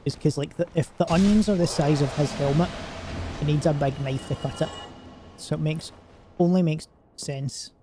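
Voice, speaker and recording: A man's voice: a little high, moderate pace, background noise. A man streaming a game, chatting casually and joking in a rambling way with lots of filler words. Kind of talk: casual gaming stream commentary.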